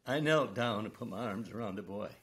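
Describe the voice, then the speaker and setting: An older man, a retired school principal, telling stories from his career in an earnest, unhurried way during an interview. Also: on the low side, a bit bright. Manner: slow, earnest storytelling with quoted dialogue. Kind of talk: storytelling interview.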